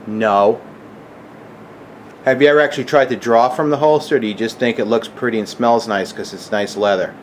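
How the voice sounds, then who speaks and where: An agitated middle-aged man rants at mid pitch, cursing hard and tossing in a pointed "okay?" again and again. His voice sits in the middle range for a man. A faint air-conditioner hum runs under him. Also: fairly quick. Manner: agitated, profane, keeps asking "okay?". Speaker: gun channel vlogger. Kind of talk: angry rant to camera.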